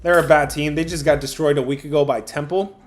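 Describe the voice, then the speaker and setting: A man's voice: on the high side, steady tone, fast talker. A young man hosting a sports betting livestream, chatting casually with viewers about picks, with lots of fillers. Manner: chatty, addresses chat viewers directly, frequent fillers.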